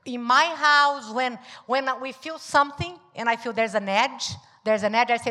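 Preaching with her husband in a church hall full of long reverb, a high-voiced woman talks at normal speed with few pauses. She stays animated throughout, acting out scenes, laughing often, and occasionally shouting.

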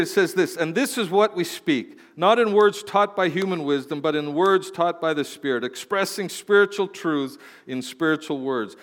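A man preaching a sermon as pastor, playful and animated, swinging from quiet asides to loud exclamations. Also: on the high side. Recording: long hall reverb.

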